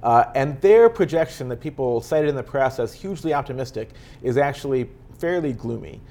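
Earnest man explaining ideas calmly. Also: medium pitch, fairly quick. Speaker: author and technologist guest. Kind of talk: measured interview answers.

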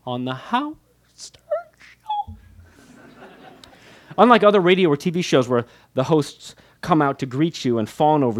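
Wry man narrating his own memoir. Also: mid-range voice. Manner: wry, candid, self-mocking.

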